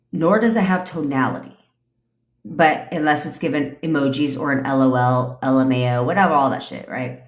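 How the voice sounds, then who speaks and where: A low-voiced woman coach rants on a livestream in a blunt way and swears freely. She keeps checking in with her listeners. The room has a noticeable echo. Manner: blunt, swears freely, fast talk with repeated "okay?". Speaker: manifestation coach. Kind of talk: livestream rant.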